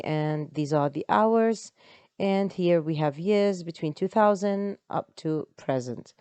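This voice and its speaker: A woman's voice: on the low side, darkish tone, dry recording. A woman, an English teacher explaining step by step in an online lesson. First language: Arabic.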